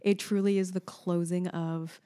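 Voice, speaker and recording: A woman's voice: on the low side, a little slow. A woman in her thirties, a voice teacher, co-hosting a casual chat, telling stories with animation and acting out her toddler's voice. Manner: animated storyteller, acts out her daughter's voice. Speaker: podcast co-host.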